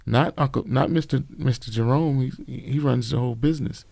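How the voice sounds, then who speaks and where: A man's voice: mid-range voice, fairly quick, gravelly, a little mellow, no room sound. A middle-aged man, a podcast guest telling his life story in an emphatic, preachy way. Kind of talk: casual storytelling interview.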